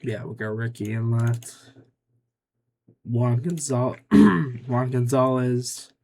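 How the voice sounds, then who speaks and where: A man's voice: mid-range voice, slow pace, vocal fry, a little mellow. A young man giving casual gameplay commentary, muttering offhand, dry remarks to himself as he makes picks. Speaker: gaming YouTuber.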